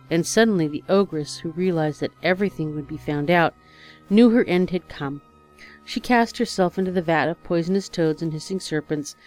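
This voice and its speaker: Woman reading a fairy tale aloud. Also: sits low. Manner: measured, expressive narration. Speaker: storyteller. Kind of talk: storybook reading.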